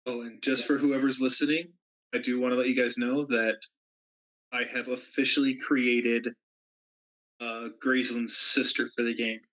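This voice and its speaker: A man with a middle-pitched voice talks to his tabletop group. He speaks in a halting, measured way. His delivery is plain and unhurried. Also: flat delivery, a bit bright, rough recording. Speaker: tabletop game player. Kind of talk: casual chat between players.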